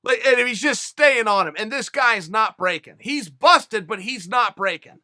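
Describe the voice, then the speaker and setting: A man hosting a fan question show, telling stories and giving his views in a casual, animated way. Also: high-pitched, unhurried, dry recording, studio quality. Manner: animated, conversational, retells scenes with quoted dialogue. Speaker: host answering fan questions. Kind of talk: casual storytelling and commentary.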